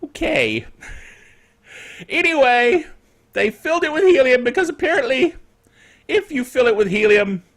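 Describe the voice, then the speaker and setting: A man with a high, bright voice runs a casual tech netcast. His pitch swings widely as he rambles through the news with chatty asides. He chuckles often at his own jokes. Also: very animated, unhurried, pauses often. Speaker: tech show host.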